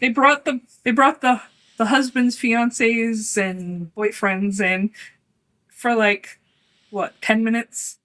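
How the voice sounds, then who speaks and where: A woman's voice: a little high, fairly even intonation, slow pace, a bit bright. A woman co-hosting a casual chat, rambling and giggling often. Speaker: co-host.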